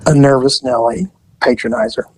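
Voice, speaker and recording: A man hosting a podcast, telling stories in a casual, animated way, chuckling and restarting phrases. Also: mid-range voice, moderate pace, creaky, poor audio. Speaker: podcast host, storyteller. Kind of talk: casual storytelling chat.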